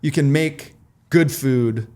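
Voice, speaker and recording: A man's voice: mid-range voice, takes it slowly, darkish tone. A man hosting an interview, asking short questions and giving encouraging responses. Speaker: podcast host, hardware business owner. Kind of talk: casual interview.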